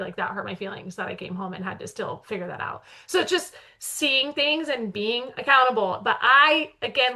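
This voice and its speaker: A woman in her thirties co-hosting a podcast, chatting casually and describing herself as loud and talkative. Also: medium pitch. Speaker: podcast co-host. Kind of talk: casual chat.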